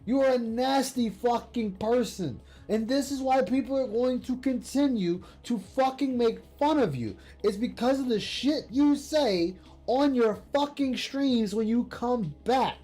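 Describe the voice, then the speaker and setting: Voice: medium pitch, unhurried, few pauses, mellow, faint music behind. A commentary streamer delivering an angry, profane reaction rant, berating and scornful.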